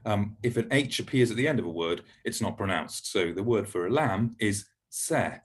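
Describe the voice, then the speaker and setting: Husky-voiced man teaching pronunciation. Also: fairly low pitch, animated. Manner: patient, encouraging, slows down to model words. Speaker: Hebrew teacher. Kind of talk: recorded lesson narration.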